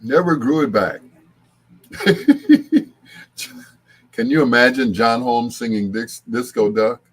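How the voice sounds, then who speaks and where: Slow and husky, this older late-night host has an expressive, mid-range voice. He chats and rambles casually, chuckling often and occasionally breaking into song.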